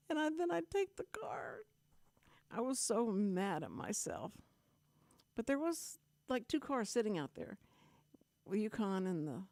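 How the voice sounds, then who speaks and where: A woman's voice: on the low side, darkish tone, dry recording. An older woman, hosting a radio show and telling a long, rambling, self-deprecating story in casual chat.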